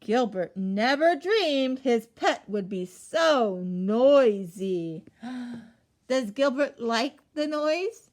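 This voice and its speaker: Animated woman reading a picture book aloud. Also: fairly high pitch, drawn-out words. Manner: animated, asking questions, gasping. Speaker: storyteller.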